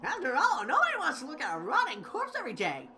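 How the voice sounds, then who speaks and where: A woman's voice: high voice, huge pitch swings, fast talker, sharp tone, voice pushed up, full character voice. A woman voicing a sadistic male robot bear headmaster in a mock-cheerful, sing-song way. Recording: game music behind.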